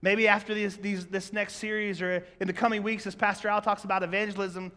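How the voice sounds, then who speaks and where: A man's voice: high voice, level tone, brisk, bright, forceful tone. A man preaching a sermon, talking conversationally to the congregation and asking rhetorical questions. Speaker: pastor. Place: church sanctuary. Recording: echoey hall.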